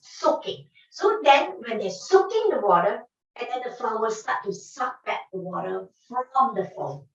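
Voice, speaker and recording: A woman's voice: fairly high pitch, very animated, normal speed, vocal fry, a crowd in the background. A woman teaching flower arranging in a casual demonstration, talking emphatically and repeating her phrases in non-standard English. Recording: echoey room, distant mic, dull sound.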